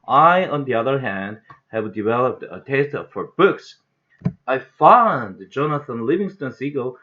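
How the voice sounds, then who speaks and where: A man's voice: mid-range voice, fairly bright tone. A man with a Korean accent, a father reading an English children's book aloud at home, carefully and steadily, lightly voicing the characters. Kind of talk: storybook read-aloud. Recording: dull lo-fi home recording.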